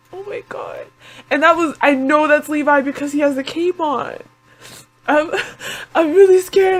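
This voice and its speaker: A woman hosting an anime reaction video, talking in an emotional, panicky and rambling way with many exclamations. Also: high voice. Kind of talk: live reaction commentary.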